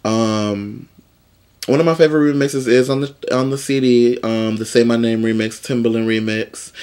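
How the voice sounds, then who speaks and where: A man's voice: mid-range voice, steady tone, moderate pace, darkish tone, clear, resonant tone. A man hosting his own vlog, talking through celebrity gossip in a chatty, sassy, playful way. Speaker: vlog host. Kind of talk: casual gossip commentary.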